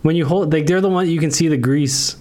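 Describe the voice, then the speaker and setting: A man with a somewhat high voice co-hosts a casual podcast chat. He sounds relaxed and enthusiastic, often trailing off mid-sentence. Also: fairly quick. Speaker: podcast co-host.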